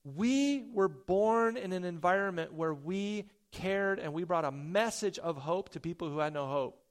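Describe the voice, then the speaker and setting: A man preaching a sermon, telling a personal story with loud emphasis, soft asides and stammered repeats. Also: sits high, a little slow. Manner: stammers and repeats words when excited. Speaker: pastor.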